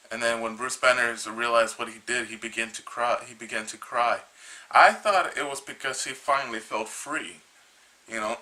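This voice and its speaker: A man with a very bright, sharp-edged voice retells a comic book's plot in a loose, casual way. He rambles and halts, restarting his sentences often, and sounds a little tired. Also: mid-range voice, low-quality recording. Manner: rambling, halting, with many restarts. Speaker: comic book reviewer.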